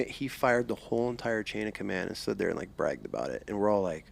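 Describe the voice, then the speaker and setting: A middle-aged man hosts a podcast in a loose, casual way. His voice sits fairly low, and his talk rambles, swears freely, and starts over often. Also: fast, creaky, hardly any pauses. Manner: rambling, profane storytelling with restarts. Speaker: podcast host. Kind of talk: casual interview chat.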